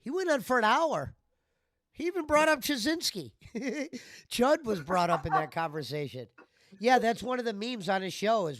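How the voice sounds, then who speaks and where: Podcast co-host: a high-voiced man from Cleveland, dry close sound, animated storyteller. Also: normal speed, no room sound. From Cleveland, USA. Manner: animated retelling, mimics quotes. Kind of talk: casual podcast chat.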